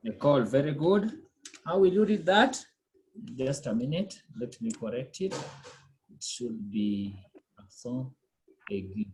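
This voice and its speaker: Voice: mid-range voice, animated, a little slow, pauses often, a little mellow, slight background noise. A language teacher giving a pronunciation lesson, quizzing the class, repeating words patiently and checking in with "okay?" and "eh?".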